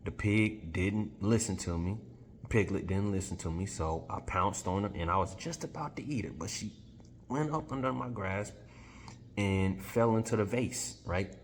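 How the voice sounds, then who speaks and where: A man's voice: on the low side, normal speed, slight background noise, close to an everyday voice. A man voicing a sassy, defiant female cat, talking bluntly and unbothered in a storytelling retelling. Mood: confessing.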